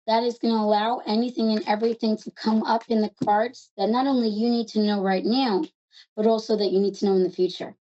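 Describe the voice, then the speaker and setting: A woman from New York with a New York accent, hosting a call-in psychic reading in a fast, chatty, affectionate way. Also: mid-range voice, fairly even intonation, warm tone, muffled recording. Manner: fast, chatty and affectionate, calls callers love. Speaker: psychic reader host.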